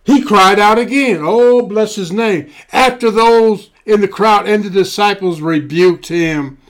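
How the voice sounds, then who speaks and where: High-voiced man preaching a dramatic sermon. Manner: dramatic preaching, drawn-out emphasis, colloquial asides. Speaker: pastor.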